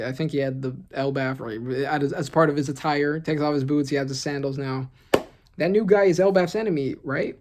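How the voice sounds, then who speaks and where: A host reading comic panels aloud and reacting excitedly in casual commentary, often asking "right?". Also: mid-range voice. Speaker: manga reaction channel host.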